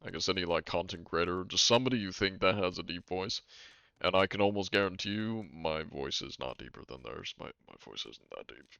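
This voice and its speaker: Brief: deep-voiced male game streamer, relaxed and dry, casual about cursing. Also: fairly quick, vocal fry, clear, resonant tone, dry recording, dull audio. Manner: laid-back, wry, swears casually. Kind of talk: casual live-stream chat.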